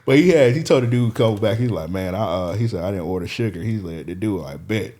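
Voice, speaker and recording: Low-voiced guy telling a story on a podcast, laughs a lot, curses a bunch. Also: expressive, a little fast, mellow. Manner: rambling storyteller, swears freely, laughs while telling. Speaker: podcast co-host. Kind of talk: casual chat.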